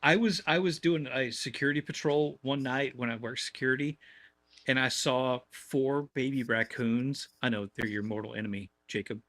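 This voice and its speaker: A man chatting on a podcast panel, telling animated stories with stammering restarts. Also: mid-range voice, moderate pace, dry recording. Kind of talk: casual chat.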